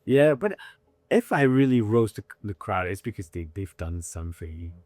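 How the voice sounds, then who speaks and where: A man's voice: fairly low pitch, normal speed, no room sound. A man in his thirties, a comedian telling candid stories in a casual interview, acting out quotes as he goes. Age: 30s. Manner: candid, animated storytelling with acted-out quotes. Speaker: comedian guest.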